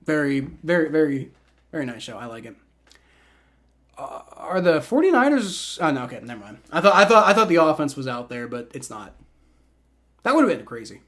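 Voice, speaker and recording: Hosting a livestream, a twenty-something man mixes live play-by-play with casual chat reactions, rambling through repeated words and fillers. His slightly high, fairly bright voice is sing-song and brisk, with frequent pauses.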